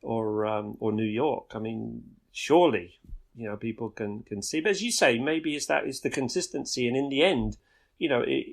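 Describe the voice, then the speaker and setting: Man, gravelly voice, podcast guest, reflective, rambling, mid pitch. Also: normal speed. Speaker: film director guest. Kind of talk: casual podcast chat.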